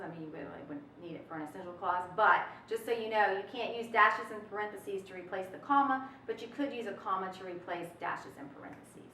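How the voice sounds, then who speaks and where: Lady teaching a grammar webinar, bright voice, kinda far from the mic in an echoey room. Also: mid-range voice, slight background noise. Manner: lively, folksy teacher talk, drawn-out emphasis on examples. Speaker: test prep instructor.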